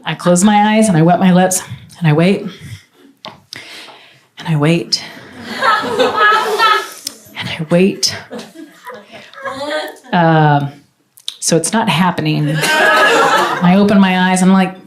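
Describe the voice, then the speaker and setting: A woman telling a stand-up comedy story, animated and jumping in pitch. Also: slow pace, pauses often. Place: comedy club stage. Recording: echoey club room, audience noise.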